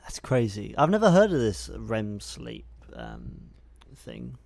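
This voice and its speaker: A man's voice: fairly low pitch, wildly swooping pitch, slow, gravelly, darkish tone, dry recording. A man hosting a podcast, chatting casually and prompting his guest with easygoing asides. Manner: easygoing, prompting with "you know" and "right". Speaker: podcast host. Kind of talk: casual chat.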